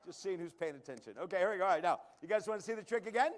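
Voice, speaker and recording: High-voiced joking stage magician man. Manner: joking, quick asides to the crowd. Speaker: comedy magician. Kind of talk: live stand-up magic act. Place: comedy showroom stage.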